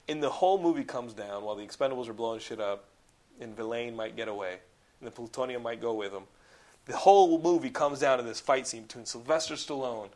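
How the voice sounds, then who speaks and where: A man in casual chat reviewing films, rambling with lots of "like" and swearing. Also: medium pitch. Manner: rambling, heavy use of "like", profane and animated. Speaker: podcast co-host reviewing films.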